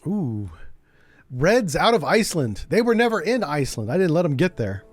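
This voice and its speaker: A man streaming a game, chatting casually and joking as he thinks out loud. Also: fairly high pitch, big pitch swings, normal speed. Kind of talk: casual gameplay commentary.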